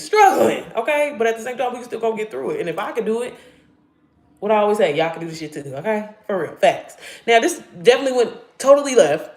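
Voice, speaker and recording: Candid, profane woman chatting on a live stream. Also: roomy sound. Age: 30s. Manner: candid, profane, preachy and laughing, with lively swoops up in pitch when excited. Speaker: digital marketing creator on a live stream. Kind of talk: casual live-stream chat.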